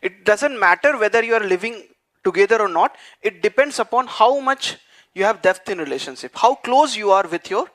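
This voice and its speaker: A man teaching a class, dictating notes and repeating phrases slowly so students can write them down. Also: high voice, expressive, a bit bright. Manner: frequent fillers like "what you call" and "okay". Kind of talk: dictated lecture.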